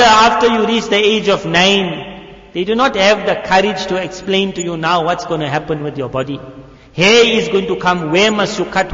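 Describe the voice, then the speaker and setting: A high-pitched man delivers a lively sermon to young people, acting out little voices as he tells his story. The recording is dull and lo-fi, caught in an echoey hall with a long reverb tail. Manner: animated storytelling, acting out voices in quick asides. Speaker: molana giving a youth talk.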